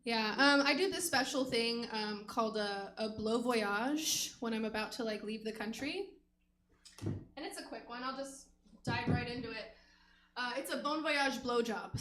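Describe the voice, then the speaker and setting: A woman comic with a high, bright voice tells frank, self-mocking stories on a theater stage, giggling between lines. The room is echoey. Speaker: stand-up comic. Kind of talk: stand-up set.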